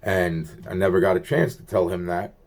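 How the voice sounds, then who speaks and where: A man's voice: low voice, moderate pace, a little mellow. A man telling a long personal story in a rambling monologue, full of swearing and restarted sentences. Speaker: vlogger recounting personal events.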